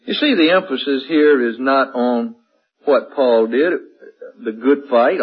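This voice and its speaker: A man's voice: mid-range voice, animated, measured pace, long pauses, husky, lo-fi sound, faint music behind. A man preaching a sermon in an emphatic way, repeating and building his phrases.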